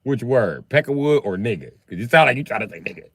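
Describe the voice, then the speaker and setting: A man talking casually on a live stream in a profane, animated way, breaking into laughs between remarks. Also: mid-range voice, fast, husky, dry recording.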